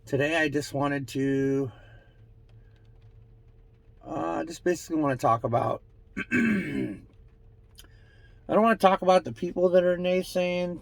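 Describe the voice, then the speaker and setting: A man hosting his own show, musing aloud in a rambling, self-mocking way, trailing off and restarting as he relays channeled messages. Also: vocal fry. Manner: pitch and loudness swing widely, from bright bursts to low mutters. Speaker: host. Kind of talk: casual spiritual channeling monologue.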